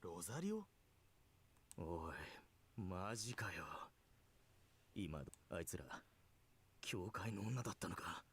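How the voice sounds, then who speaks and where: An actor playing a rough young male street thug in a game voice, talking coarsely and gruffly. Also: low voice, expressive, normal speed, long pauses, a little hiss or hum. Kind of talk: game voice acting.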